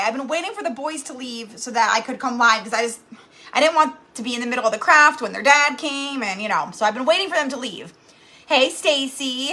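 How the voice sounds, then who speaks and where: A woman's voice: high voice, bright, forceful tone. A woman in her thirties hosting a live craft tutorial from home, chatty and bubbly, greeting viewers by name as she talks. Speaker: craft channel host.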